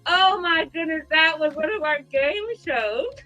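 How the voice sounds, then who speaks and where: A woman's voice: high-pitched, expressive, a little slow, bright, forceful tone, soft background music, poor audio. A woman hosting a casual livestream chat, teary and giggling through her words as she laughs. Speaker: host.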